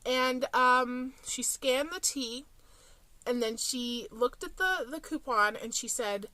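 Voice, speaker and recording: A young woman talks to her viewers in a chatty, casual vlog style, sprinkling in plenty of ums and likes. Her voice sits a little high and sounds bright and clear. The sound is dry and close. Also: measured pace, no echo. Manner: chatty, with frequent "um" and "like". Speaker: couponing vlogger. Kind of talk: casual storytelling to camera.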